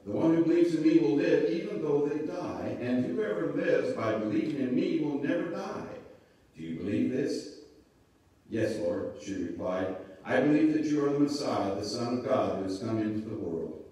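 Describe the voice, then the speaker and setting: A man leading a church service, reading scripture and then talking gently and folksily to children. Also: mid-range voice, sing-song, moderate pace. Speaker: pastor leading children's moment. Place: church sanctuary. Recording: echoey church room, mic far off.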